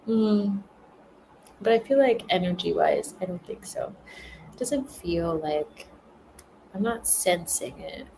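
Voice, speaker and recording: A woman's voice: fairly low pitch, lively intonation, slow pace, creaky, long pauses, noisy background. A woman chatting casually and rambling on a livestream, laughing often as she tells stories. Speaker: spiritual content creator.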